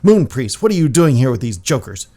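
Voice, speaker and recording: A man's voice: medium pitch, expressive, slow pace, creaky, a little mellow. A man voicing a haughty male priest who sneers and insults the others. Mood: scornful.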